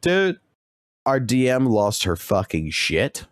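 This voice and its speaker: A man's voice: mid-range voice, animated, moderate pace, no room sound, clean studio sound. Profane rambling male streamer. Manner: profane, rambling, constant swearing. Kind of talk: casual stream chat storytelling.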